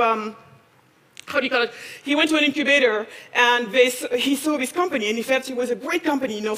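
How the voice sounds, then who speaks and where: A woman from Senegal giving a passionate conference talk, firing off challenging questions and rising to near-shouting. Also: high-pitched. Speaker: speaker at a conference. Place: large conference hall. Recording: long reverb of a large hall.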